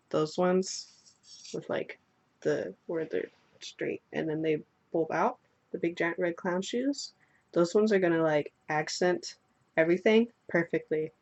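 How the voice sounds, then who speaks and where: A woman's voice: lowish voice, creaky. A young woman answering follower questions in casual chat, playful and swearing freely as she tells stories. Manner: playful, swearing, animated storytelling. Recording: dull lo-fi sound.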